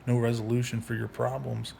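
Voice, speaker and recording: A man in his thirties telling his own story in a casual monologue, angry and profane, halting with frequent restarts. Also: medium pitch, completely flat delivery, creaky, a little mellow. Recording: faint background noise.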